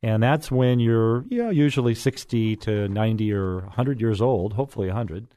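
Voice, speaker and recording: A man's voice: on the low side, normal speed, mellow, no echo. A middle-aged man hosting a radio real estate show, chatting casually in a folksy way with many fillers. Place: radio studio.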